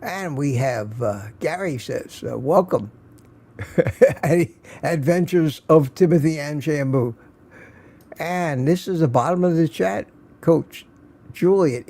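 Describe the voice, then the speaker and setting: A man's voice: a little high, vocal fry, warm tone. An older man hosting a casual live stream, greeting viewers by name one after another and chuckling often.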